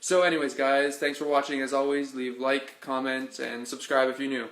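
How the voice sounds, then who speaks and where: A young man hosting his own video, giving a casual, enthusiastic breakdown of a trailer full of ums and excited asides. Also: medium pitch, normal speed. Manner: chatty, filler-heavy, enthusiastic. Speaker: video host.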